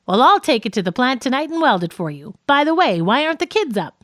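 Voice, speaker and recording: A brash, bossy tough gal with a bold, bouncy delivery, as a woman narrator puts her on. The pitch rises and falls with lively energy. It is recorded close and dry. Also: quick pace, no room sound. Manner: tough girl voice. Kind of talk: audiobook reading of a radio sketch.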